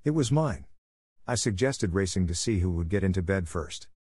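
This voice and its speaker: A man's voice: sits low, animated, normal speed, a little mellow, husky, no room sound, clean studio sound. A man voicing an eager, dramatic young girl who talks in an earnest, impulsive, pleading way.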